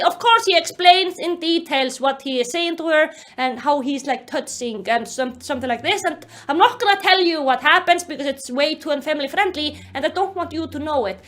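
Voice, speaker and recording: Brief: young woman, high voice, casual recap vlogger, animated and exasperated. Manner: animated, exasperated, filler-heavy retelling. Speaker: YouTube commentator. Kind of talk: casual book-recap commentary.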